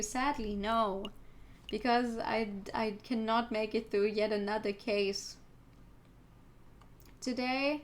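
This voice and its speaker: A woman's voice: a little high, steady tone, slow pace, long pauses, soft background music. Blunt, joking woman streamer. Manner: blunt, joking, swears freely. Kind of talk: casual game commentary.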